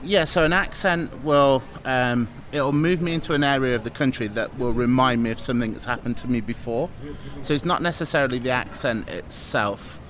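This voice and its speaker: A man's voice: medium pitch, moderate pace, a bit bright. A man with an East Midlands English accent, an improviser and presenter, talking openly and earnestly with some fillers. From Mansfield, England. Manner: open, earnest, explains with fillers. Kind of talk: casual interview talk.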